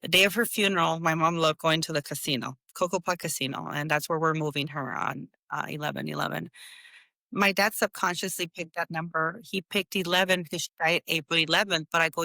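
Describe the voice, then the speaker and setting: A woman's voice: low-pitched, fairly even intonation, quick pace, creaky, sharp tone, no echo. A woman co-hosting a casual podcast, telling stories and mixing Spanish words into her English. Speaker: podcast co-host. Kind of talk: casual conversation and storytelling.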